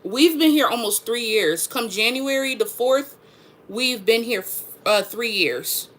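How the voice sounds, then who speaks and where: Frustrated woman with a bright voice. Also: on the high side, lively intonation, measured pace. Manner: frustrated, emphatic, repeats herself. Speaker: mother, vlogger. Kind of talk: venting to camera.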